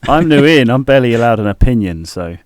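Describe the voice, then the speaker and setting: A man with a London accent co-hosts a football podcast, giggling and stumbling over his words. His voice has a middling pitch. The recording is dry and close. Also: lively intonation, fast talker, no room sound. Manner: giggly, hesitant, self-deprecating. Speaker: podcast co-host. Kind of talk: casual football podcast chat.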